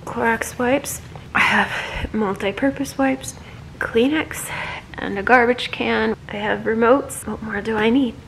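A woman recording a casual personal vlog at home while she is sick, with a runny nose and a sore chest. She talks softly and often drops to a whisper. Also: medium pitch, a little slow, vocal fry, background noise. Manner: soft-spoken, often dropping to a whisper. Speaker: vlogger. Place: at home, indoors.

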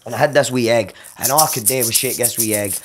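A young man with a Glaswegian accent, a podcast guest telling a story in casual chat, animated and acting out what he once said. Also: medium pitch, quick pace. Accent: Glaswegian Scottish. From Scotland. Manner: animated, acts out his own past cries and quotes.

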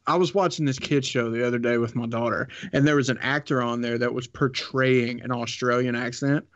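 A man with a Southern US drawl chats casually on a podcast and wanders through his stories with halting restarts. His voice sits at a middling pitch. The sound is muffled and dry, with no room echo. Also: fairly even intonation, a bit bright. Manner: rambling, halting with many restarts. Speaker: podcast co-host.

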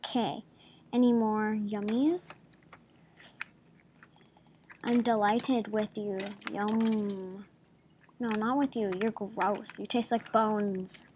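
A woman's voice: medium pitch, steady tone, unhurried, darkish tone, a little hiss or hum. A woman hosting a gaming channel, giving playful, giggly gameplay commentary at her home computer and chatting to the game's creatures.

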